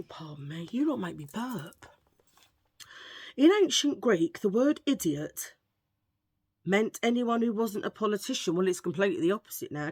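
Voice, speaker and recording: A woman's voice: lowish voice, slightly rough, dry recording. A woman with an English accent, chatting casually and cracking jokes for her viewers, a bit under the weather. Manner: chatty, joking, cheeky asides. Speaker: vlogger. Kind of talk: casual chat.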